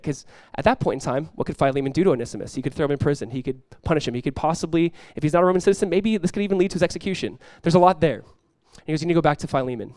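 High-voiced pastor preaching, dry sound. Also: male voice, dry recording. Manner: animated preaching with voiced quotes, swinging from loud to hushed. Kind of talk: sermon.

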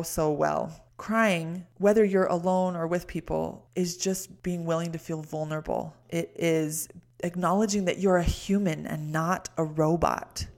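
A woman talking alone as a life coach, explaining ideas calmly and addressing the listener directly. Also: low voice, creaky. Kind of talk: solo podcast teaching.

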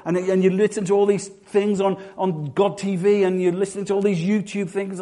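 Brief: English male preacher, higher pitch, jokey, mimics voices mid-sermon. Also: fairly even intonation, normal speed, a little mellow. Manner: humorous, acts out voices and quotes.

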